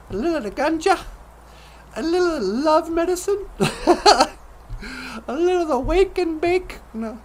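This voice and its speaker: High, lively woman hosting a live stream. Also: a little hiss or hum. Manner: joking, greets viewers by name. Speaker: host of a live-streamed show. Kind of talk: playful live-stream chat.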